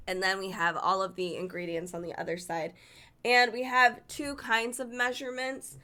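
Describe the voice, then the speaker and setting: A woman's voice: mid-range voice, flat delivery, moderate pace, pushed and bright. A woman casually paging through a cookbook, chatty and enthusiastic, stumbling over foreign dish names. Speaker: cookbook reviewer. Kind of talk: casual book flip-through.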